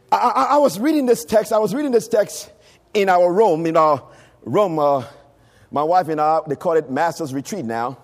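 High, lively preaching man in a church. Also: normal speed. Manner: preaching with shouts and sung rising phrases. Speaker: pastor. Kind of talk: sermon. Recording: long hall reverb.

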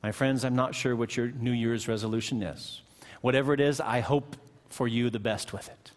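A man, a pastor, preaching a sermon in a church, pressing hard on key words and then dropping his voice low and slow. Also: steady tone. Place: church sanctuary. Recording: long church reverb.

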